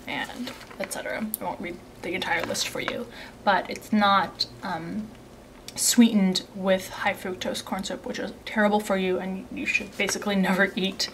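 A woman's voice: mid-range voice, slight background noise. Chatty young woman reviewing snacks. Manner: chatty, reads ingredient lists aloud, drops into soft asides. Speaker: beauty and subscription box vlogger. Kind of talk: casual unboxing and tasting review.

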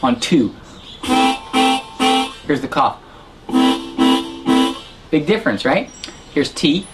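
A man teaching a harmonica lesson, explaining technique in a relaxed way and correcting himself as he goes. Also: on the high side, takes it slowly, pauses often, over loud music, poor audio. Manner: demonstrates sounds and counts beats aloud. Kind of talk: instructional lesson.

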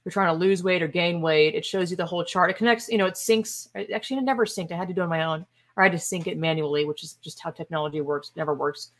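A woman hosts a podcast, firing off a casual commentary monologue in a lowish, steady voice at rapid-fire speed. She's sarcastic, exasperated, opinionated and emphatic, tossing in scoffing asides.

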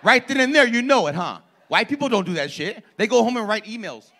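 A male comedian works a club crowd in loose, profane street slang, needling the people in front of him. His voice sits a bit high and sounds bright and forceful. His pitch swings widely from line to line. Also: lively intonation, a little fast, slight background noise. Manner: brash, profane, teasing the audience. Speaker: stand-up comedian. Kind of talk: stand-up set with crowd work.

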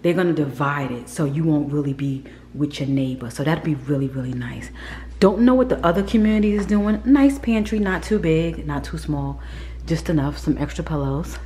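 Low, mellow-voiced woman vlogging casually. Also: lively intonation, normal speed, slight background noise. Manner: chatty and candid, often drops to a whisper. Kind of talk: casual chat while touring a model home. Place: indoors, model townhouse.

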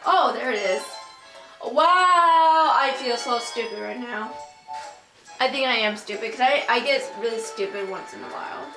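Excitable young woman gamer, high-pitched. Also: a little slow, far from the mic. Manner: excitable, swears at the game, rambling. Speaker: let's play gamer. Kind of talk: casual gameplay commentary. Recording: roomy, off-mic, with game music. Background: video game music.

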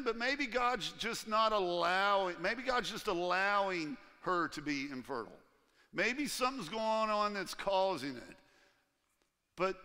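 A man preaching a sermon as pastor in a church, animated and acting out the voices he quotes. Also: high-pitched, long reverb tail. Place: church sanctuary.

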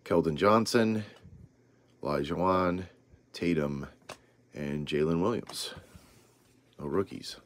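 A man's voice: sits low, slow, pauses often, dry recording. A man hosting a casual card-opening video, reading off names with rambling asides. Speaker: trading card channel host.

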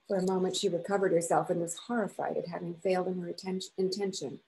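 A woman, an author and professor, reading a novel aloud to a class in a measured, expressive way. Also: lowish voice, vocal fry, rough recording.

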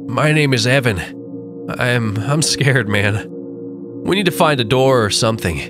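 A man's voice: high voice, a little fast, vocal fry, music in the background, pitched above the performer's own voice. Man doing Evan, a jittery, terrified young man. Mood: pleading, scared. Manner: pleading, jittery.

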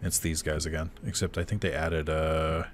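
A man's voice: rumbling low, steady tone, normal speed, a little hiss or hum. A man giving casual let's-play commentary on a game, chatty and laughing, swearing freely at what happens on screen. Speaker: gameplay commentator.

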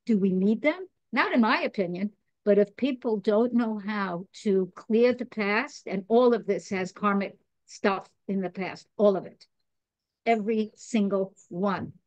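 A woman's voice: medium pitch, measured pace, no room sound. Chatty, earnest woman with a dry sound. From New York. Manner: chatty, digressive, self-laughing, earnest about spiritual growth. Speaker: podcast guest. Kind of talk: casual chat.

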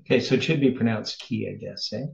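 Gravelly low-voiced man, lo-fi. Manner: chatty, slows to spell out pronunciations. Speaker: Bible study partner. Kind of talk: casual chat.

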